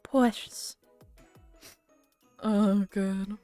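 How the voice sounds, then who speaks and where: A woman's voice: mid-range voice, fairly even intonation, very slow, mellow, no echo, soft background music. A woman streamer chatting casually with her viewers, rambling and laughing often. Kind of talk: casual livestream chat.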